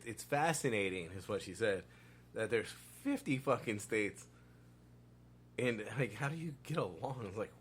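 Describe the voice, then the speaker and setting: A man's voice: on the low side, a bit bright, a little hiss or hum. Profane, storytelling man on a podcast. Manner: loose, profane storyteller who quotes others. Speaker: podcast host. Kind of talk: casual podcast chat.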